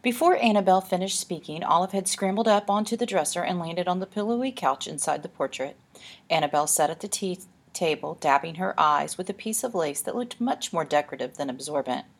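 A woman narrating an audiobook in a calm, even storytelling manner. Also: fairly low pitch, brisk, breathy edge.

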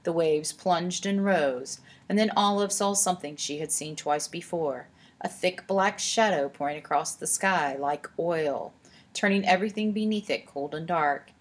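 A woman narrating a storybook aloud in a steady, expressive way. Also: on the low side. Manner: steady, expressive, slows for tense moments.

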